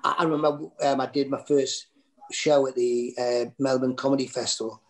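A man with a Geordie accent talks at an ordinary pitch, chatting loosely as a podcast guest. His stories wander, with restarts and fillers, and he laughs easily at himself. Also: flat delivery, moderate pace. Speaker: guest comedian. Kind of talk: anecdotal podcast chat.

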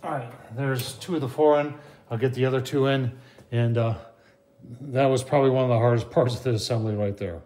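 Easygoing male reviewer, casual how-to chat, mid-pitched, roomy echo. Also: steady tone, a little fast, warm tone. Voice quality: folksy, chatty, lots of "folks" and "I tell you what". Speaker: product reviewer.

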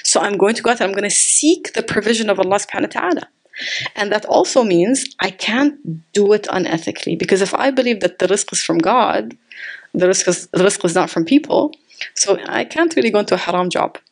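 A woman giving a casual, animated faith talk to a live audience, telling stories with lots of "like" and "you know" and sprinkling Arabic religious phrases. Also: medium pitch, brisk. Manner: chatty, animated storytelling full of "like" and "you know". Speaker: author and religious speaker. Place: community gathering with an audience.

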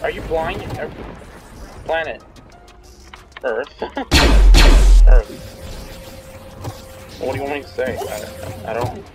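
A man's voice: medium pitch, lively intonation, slow, long pauses. A young man casually commenting on a video game, exasperated, swearing and reacting jumpily. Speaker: gamer streaming Roblox play. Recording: game music loud behind voice. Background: loud game music.

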